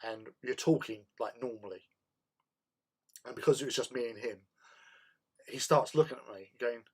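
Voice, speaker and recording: A man's voice: mid-range voice, normal speed, pauses often, a little mellow, husky. A man hosting a hobby livestream, chatting casually with viewers in a rambling way and laughing often.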